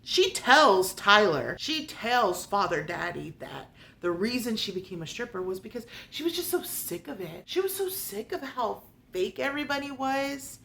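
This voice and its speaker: A woman's voice: a little high, normal speed, gravelly, few pauses. Woman giving a sarcastic book review. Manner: sarcastic, animated retelling.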